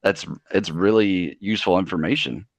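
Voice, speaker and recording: A man's voice: deep voice, moderate pace, no echo. A man with a Southern US accent, a Discord moderator, chatting in a laid-back, jokey way with street slang on an online voice call. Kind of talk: casual voice chat.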